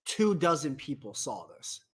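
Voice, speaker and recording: A man in his thirties, a podcast co-host telling stories in casual chat on a remote call, animated and laughing often. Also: on the high side, measured pace, husky. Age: 30s. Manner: animated, acts out quoted voices, frequent laughter. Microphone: home mic on a remote call.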